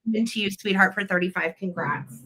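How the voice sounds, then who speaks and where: A woman's voice: medium pitch, a little fast, bright, forceful tone. A woman hosting a live vintage sale, chatty and upbeat, running auction countdowns. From western United States. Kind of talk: live selling chat.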